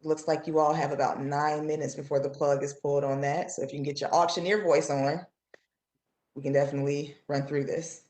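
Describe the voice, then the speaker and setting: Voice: medium pitch, little pitch movement, brisk, a little mellow, reverberant. The chair of a transit board running a public meeting, polite and procedural.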